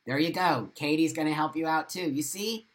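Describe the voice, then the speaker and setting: This livestream host, a middle-aged man, sounds on the high side and fairly bright, talking at a normal speed. He reads comments from viewers and responds with frank pep talk, lots of repetition, and the odd curse.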